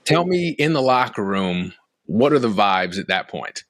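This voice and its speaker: A man's voice: on the low side, very animated, measured pace, fairly bright tone, no room sound. Man hosting over dry audio. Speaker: podcast host. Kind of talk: casual interview, walking through video.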